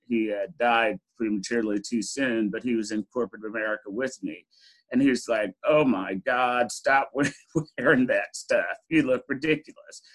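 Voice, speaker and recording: A man's voice: fairly low pitch, a bit bright, low-quality recording. Candid middle-aged man telling his story. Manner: candid, laughs often, frequent "you know". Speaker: interview guest. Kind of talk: reflective personal storytelling.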